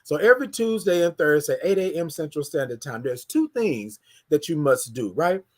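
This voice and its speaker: A man from Houston hosting a casual morning livestream, greeting viewers and hyping up the chat. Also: a little high. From Houston, Texas. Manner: energetic, hypes the chat, drawn-out sung greetings. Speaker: livestream morning show host.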